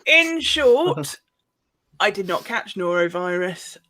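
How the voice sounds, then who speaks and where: A woman's voice: mid-range voice, big pitch swings, takes it slowly, bright, forceful tone. A woman performing a self-deprecating stand-up comedy set on a stage microphone, landing punchlines. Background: audience laughter.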